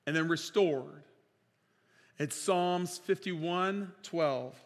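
A man preaching a sermon as pastor, impassioned, swinging between loud declarations and quiet storytelling. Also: fairly high pitch, drawn-out words. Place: church sanctuary. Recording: reverberant church hall.

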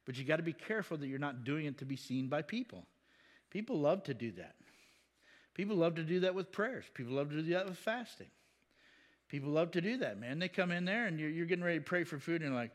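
High-voiced pastor teaching casually. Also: male voice, lively intonation, brisk. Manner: conversational, rhetorical questions, chuckles.

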